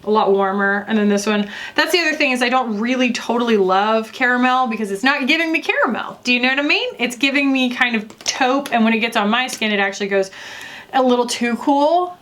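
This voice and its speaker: Chatty young woman, high voice. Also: animated, brisk, fairly bright tone. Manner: chatty, rambling, lots of fillers. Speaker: beauty reviewer. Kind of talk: casual chat while doing makeup.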